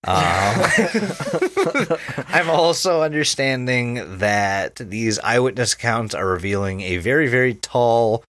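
This is a man co-hosting a casual podcast, wry and sarcastic as he thinks aloud. His voice swings widely in pitch, and the recording is close and dry. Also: expressive, slow, a bit bright, no room sound. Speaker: podcast co-host.

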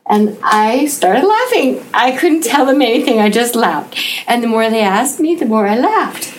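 A woman's voice: on the high side, very animated, normal speed, slight background noise, rough recording. A woman who taught school recalling a classroom memory, amused and often laughing. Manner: amused, laughing through the telling. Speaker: teacher. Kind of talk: personal anecdote.

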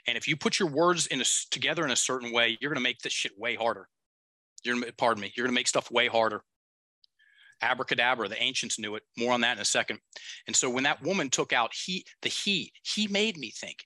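A man's voice: mid-range voice, fast talker, pushed and bright, no room sound. A male coach who is a guest on a podcast, talking bluntly and with emphasis and some casual swearing. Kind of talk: podcast conversation.

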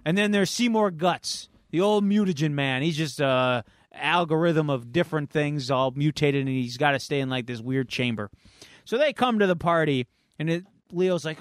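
A male podcast host with a slightly high voice, telling a story with lively, playful energy. The recording is dry and close. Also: normal speed, dry recording. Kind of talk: casual chat, retelling a comic.

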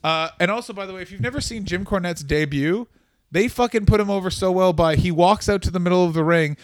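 Male comedy podcaster, wry storyteller, slightly high voice, dry close mic. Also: fast, no echo. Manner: wry, storytelling, joking asides. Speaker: podcast co-host.

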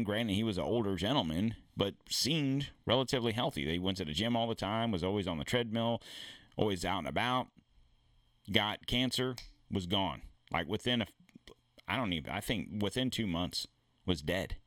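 A man on the low side of pitch, expressive and a bit bright, hosts his own show at a moderate pace with no echo. His casual monologue is a rambling rant, blunt and profane, with many false starts.

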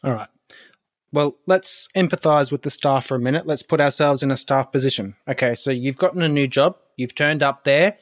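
A man talking as a podcast guest in a relaxed, animated way, laughing often. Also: mid-range voice, fairly quick. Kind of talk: casual podcast conversation.

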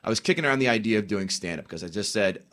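A man's voice: lowish voice, lively intonation, rapid-fire, a bit bright. Profane joking man in his forties. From New Jersey. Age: 40s. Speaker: podcast guest, comedian. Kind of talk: casual podcast chat.

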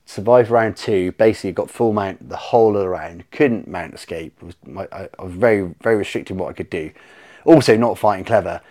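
A man, a podcast guest telling animated stories in casual chat, swearing freely and acting out his own reactions. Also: sits low, fairly quick.

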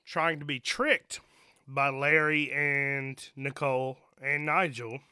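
Man, podcast co-host, bright and sharp voice, dry close sound, amused and profane. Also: mid-range voice, steady tone, takes it slowly, smooth, no room sound. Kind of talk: casual movie-recap chat.

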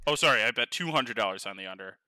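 Bright, excitable male podcaster. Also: medium pitch, racing. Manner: excitable, rambling, laughs often. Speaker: podcast co-host. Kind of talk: casual chat. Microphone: headphones on, podcast mic.

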